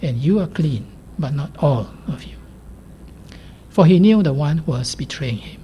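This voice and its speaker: A woman preaching a sermon in a measured, emphatic way, at times sinking to a near whisper. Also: sits low, animated, warm tone, a little hiss or hum.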